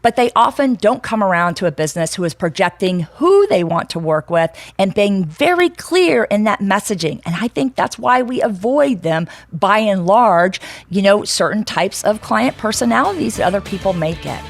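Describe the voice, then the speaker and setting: A woman's voice: medium pitch, sing-song, normal speed, gravelly, few pauses, dry recording, soft background music. A woman co-hosting a podcast in casual, frank talk, chatty and full of fillers and restarts. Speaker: podcast co-host.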